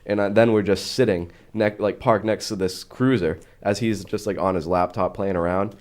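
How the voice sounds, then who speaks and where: Young male guest, low voice, laid-back rambling storyteller. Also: moderate pace. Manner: relaxed, rambling with fillers. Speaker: podcast guest. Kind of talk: casual storytelling.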